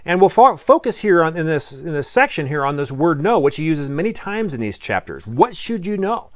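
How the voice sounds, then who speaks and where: A man preaching a sermon in a conversational way, asking rhetorical questions and reading scripture aloud slowly. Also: fairly high pitch, big pitch swings. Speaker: pastor.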